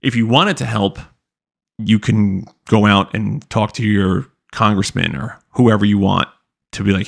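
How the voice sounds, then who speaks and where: Gravelly low-voiced man ranting casually. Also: moderate pace. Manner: loose, profane, lots of "like" fillers. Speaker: podcast host. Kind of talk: casual commentary rant.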